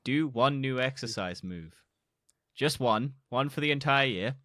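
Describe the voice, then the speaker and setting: A man's voice: medium pitch, lively intonation, unhurried, pushed and bright, no room sound, studio quality. A young man co-hosting a podcast, talking bluntly with crude asides in casual chat. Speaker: podcast co-host.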